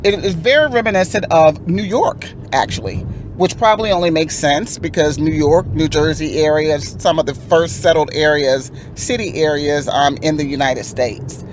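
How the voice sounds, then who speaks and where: A woman's voice: low voice, moderate pace, slight background noise. A woman in her forties from Florida, a guest speaking in a composed, articulate way inside a car. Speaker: guest, mother of a football player.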